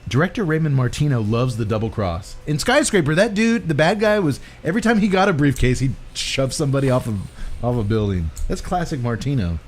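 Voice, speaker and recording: A man's voice: medium pitch, fairly quick, soft background music. A man hosting a podcast, recapping a movie in casual chat with lots of laughter. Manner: animated, laughing storyteller. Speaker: podcast host.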